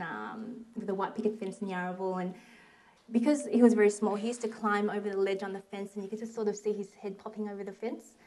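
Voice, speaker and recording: A woman's voice: mid-range voice, low-quality recording. Woman telling a reflective family story. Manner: reflective, anecdotal, with soft laughs and quoted asides. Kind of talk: personal storytelling talk.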